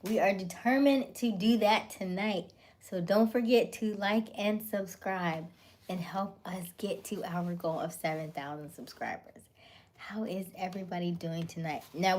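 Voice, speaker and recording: Female livestream host, unhurried, chatty, greets viewers by name, frequent laughs and soft asides. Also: on the low side. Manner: talks while eating dinner; laughs often, drifts into soft half-whispers. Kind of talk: casual livestream chat.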